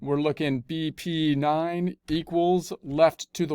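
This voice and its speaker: A man's voice: on the high side, steady tone, takes it slowly, few pauses, darkish tone, clear, resonant tone, no room sound, clean studio sound. A man teaching accounting in a screencast, talking through each spreadsheet step and often repeating his phrases. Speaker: accounting instructor. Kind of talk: screencast tutorial narration.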